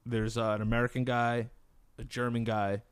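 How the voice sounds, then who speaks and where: A man's voice: mid-range voice, little pitch movement, normal speed, clean tone, no room sound. A man co-hosting a podcast, telling jokes in a rambling way and laughing at them. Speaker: podcast co-host. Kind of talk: casual chat, telling jokes.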